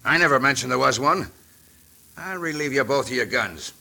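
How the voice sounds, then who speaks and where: An actor playing a gruff, hostile frontier sheriff who talks curtly in a 1950s radio drama. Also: male voice, medium pitch, expressive, moderate pace, bright, forceful tone, exaggerated voice. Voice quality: gruff, curt, folksy grammar.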